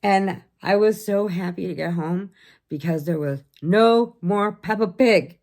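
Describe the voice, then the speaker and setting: In a casual vlog, a middle-aged woman from the United States spins stories, breaks into laughter often and mimics what others said. She speaks in a mid-range, slightly mellow voice at a somewhat slow pace.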